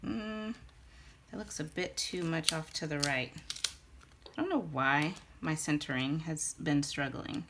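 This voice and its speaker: A young woman with a low, deep-set voice talks casually through a card-making tutorial, gushing over the colors and patterns as she goes. She thinks aloud while she works at a desk mic on her craft table. A faint hiss sits under the recording. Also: unhurried, fairly bright tone.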